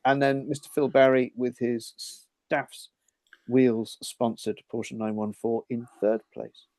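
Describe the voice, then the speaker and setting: A man's voice: medium pitch, level tone, slow, darkish tone, dry recording. A man co-hosting a casual podcast, reading out race results in a dry, understated way. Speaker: podcast co-host. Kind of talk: casual chat.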